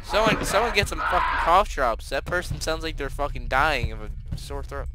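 A young man with a slightly raised voice commentates a horror game in a sarcastic, swearing way, flaring into sudden loud outbursts. Game music plays clearly underneath him. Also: a little high, normal speed. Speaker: gaming commentator. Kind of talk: casual gameplay commentary.

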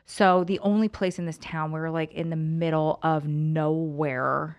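A woman's voice: low voice, unhurried, lo-fi sound. A middle-aged woman co-hosting a podcast, telling a story in casual conversation and acting out what others said. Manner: animated, acts out quoted voices. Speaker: podcast co-host.

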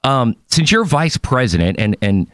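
Male podcast host, mid-pitched, chatty and animated, dry studio sound. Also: normal speed, no room sound. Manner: animated, chatty, tells stories with impressions. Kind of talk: casual interview chat.

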